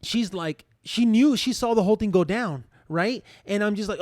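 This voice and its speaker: A young man in his twenties co-hosting a podcast, telling an embarrassing story in a rambling, animated way full of fillers and restarts. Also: high voice, fast, no echo. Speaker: podcast co-host. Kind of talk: casual storytelling.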